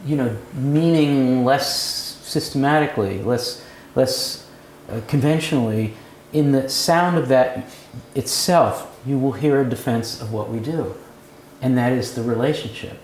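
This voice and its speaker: A man's voice: mid-range voice, a little slow, darkish tone. A man leading a poetry seminar, lecturing and putting questions to the group. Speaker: seminar leader. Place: cafe room with a seminar group. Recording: roomy room sound, faint background noise.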